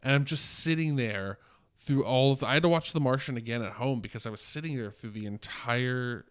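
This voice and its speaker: A man's voice: medium pitch, brisk, clean tone. A man in his twenties co-hosting a podcast, telling rambling, profane stories full of fillers. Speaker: podcast co-host. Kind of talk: casual podcast chat.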